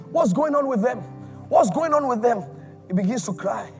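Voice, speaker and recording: A man preaching a sermon with impassioned, repetitive phrasing that swings between loud cries and near-whispers. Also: very high-pitched, animated, normal speed, faint music behind.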